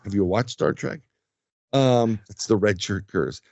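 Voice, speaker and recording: A man telling an animated ghost story, lo-fi. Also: lowish voice, a little slow, dry recording. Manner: animated storyteller, acts out quotes. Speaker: paranormal investigator guest. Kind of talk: casual storytelling interview.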